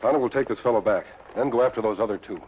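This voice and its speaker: The Lone Ranger, an actor as a brisk masked lawman. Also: on the low side, slight background noise, close to an everyday voice. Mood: commanding. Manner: brisk, commanding. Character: calm masked male lawman hero. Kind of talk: 1950s TV western acting. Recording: muffled old TV soundtrack.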